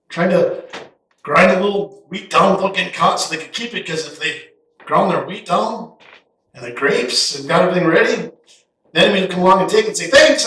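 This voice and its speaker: A middle-aged guest pastor delivers a sermon in a church sanctuary, folksy and animated, briefly doing voices for Bible characters. His voice is high for a man. It echoes through the large hall and is picked up from some distance.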